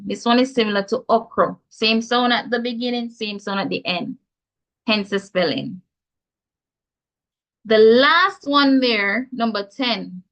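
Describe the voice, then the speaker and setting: Over dull lo-fi call audio, a Jamaican-accented woman leads an online pronunciation lesson in a mid-range, slightly bright voice. She encourages her students and articulates each sound with care.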